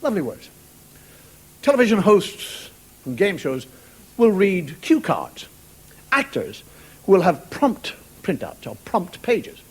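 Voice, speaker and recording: Irish comedian, high lively voice. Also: male voice, takes it slowly, long pauses, breathy edge. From Ireland. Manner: wry, rambling delivery with mimicked voices and sudden shouts. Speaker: stand-up comedian. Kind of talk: stand-up monologue. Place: television studio with audience. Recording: broadcast studio with audience laughter and noise. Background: studio audience laughter.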